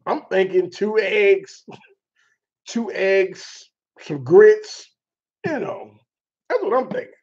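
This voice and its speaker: A man hosting a casual chat show, telling a story in an animated way with laughter and mild cursing. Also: high voice, takes it slowly, long pauses, husky. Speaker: show host. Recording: dull lo-fi sound.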